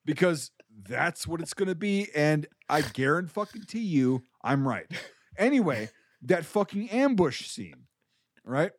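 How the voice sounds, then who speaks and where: A man's voice: a little high, very animated, unhurried, slight background noise. A man from Wisconsin, co-hosting a casual film podcast, ranting in mock anger and swearing heavily. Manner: loud, heavy swearing, mock-angry ranting. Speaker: podcast co-host.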